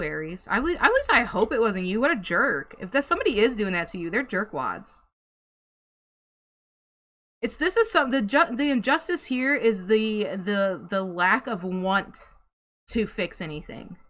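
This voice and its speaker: A woman's voice: mid-range voice, a bit bright. Chatty young woman reading tarot. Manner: chatty and sympathetic, laughs and sighs often. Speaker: tarot reader. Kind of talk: casual tarot reading to camera.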